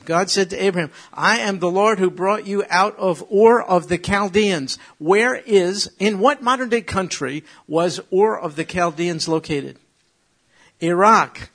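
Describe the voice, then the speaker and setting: A middle-aged man from New York with a New York accent, preaching and teaching from the Bible with animated, joking asides to his congregation. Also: high voice. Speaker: pastor.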